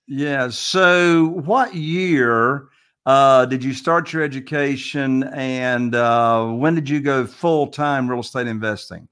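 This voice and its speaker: A man's voice: medium pitch, slow pace, a bit bright, clean tone. A man hosting a casual interview, asking questions in an upbeat, friendly way with hesitant fillers. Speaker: podcast host.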